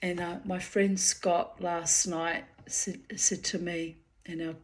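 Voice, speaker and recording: A woman's voice: lowish voice, flat delivery, slow. A woman telling personal stories in a chatty, digressive monologue with many asides. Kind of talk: rambling storytelling monologue.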